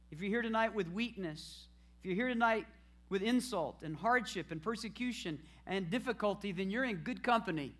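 Male preacher, high bright voice, call-and-response sermon delivery. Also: animated, brisk. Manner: call-and-response preaching, rising to shouted praise at the end.

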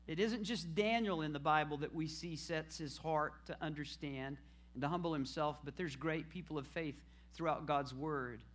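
Male preacher, high bright voice, call-and-response sermon delivery. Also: normal speed. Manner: call-and-response preaching, rising to shouted praise at the end.

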